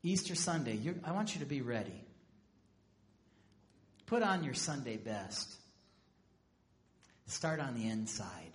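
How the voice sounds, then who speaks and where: A man preaching a sermon as a pastor, telling stories with lively humor. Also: medium pitch. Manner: animated storytelling with humor.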